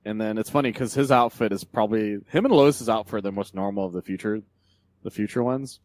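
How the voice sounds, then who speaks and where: A man's voice: lowish voice, brisk, a little mellow, no room sound. A man co-hosting a casual comics podcast, talking in a rambling way with frequent laughs and restarts. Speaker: podcast co-host. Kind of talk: casual chat about comics.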